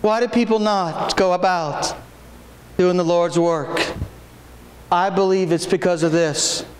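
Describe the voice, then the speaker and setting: Brief: man, pastor, very high voice, folksy stories and shouted calls, echoey sanctuary. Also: steady tone, unhurried. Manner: folksy storytelling with sudden shouted exhortations. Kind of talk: sermon. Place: church sanctuary. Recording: echoey church room.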